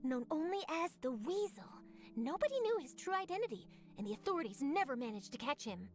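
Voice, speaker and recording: A bubbly young reporter. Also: female voice, high voice, sing-song, a little fast. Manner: chatty, dramatic storyteller. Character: bubbly young female reporter, self-assured. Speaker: journalist. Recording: game audio with faint music.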